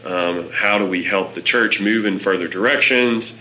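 A man, an executive director, telling a story in a conversational interview, with hesitant pauses. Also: fairly low pitch, bright, forceful tone, poor audio.

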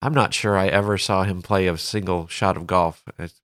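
A man with a low, smooth, resonant voice chats on a podcast. His storytelling is animated and full of laughter. The recording is close and dry. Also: normal speed, no echo. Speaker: golf caddie, podcast co-host. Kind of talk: casual chat.

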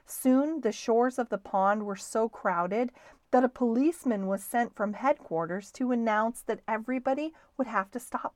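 A woman hosting a bedtime story show, reading a children's book aloud in a lively, expressive way. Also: mid-range voice, dry recording. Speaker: storyteller, podcast host.

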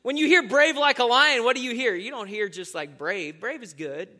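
High, bright, jokey male preacher. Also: brisk. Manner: lively, jokey, calls on the crowd for amens. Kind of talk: sermon.

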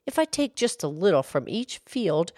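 A woman voicing a sly thieving man who talks in a hushed, scheming way. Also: on the low side, very animated, normal speed, no room sound, studio quality.

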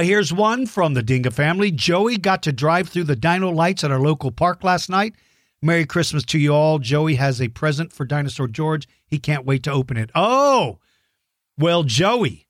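A man's voice: mid-range voice, no room sound, clean studio sound. A man hosting a children's dinosaur show, talking playfully to young viewers and reading out their messages. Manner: playful, self-correcting, reads out viewer messages. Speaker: kids' dinosaur show host. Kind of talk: friendly educational talk to children.

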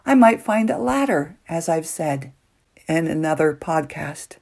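A woman hosting a solo motivational podcast, earnest and emotional, moving between soft hushed lines and excited bursts. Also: low voice, a little slow, creaky. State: nervous, emotional. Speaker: podcast host.

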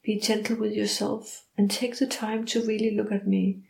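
A woman voicing a calm, loving female dog spirit who speaks softly and soothingly. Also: mid-range voice, creaky. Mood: gentle, soothing. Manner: soft, slow and soothing. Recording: roomy echo.

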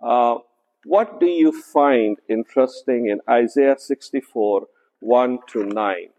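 A man's voice: medium pitch, darkish tone, big-room sound, rough recording. A man preaching a conversational sermon as pastor, often checking in with "right?" and using many fillers. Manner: frequent "right?" checks, many fillers, slow deliberate delivery. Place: church sanctuary.

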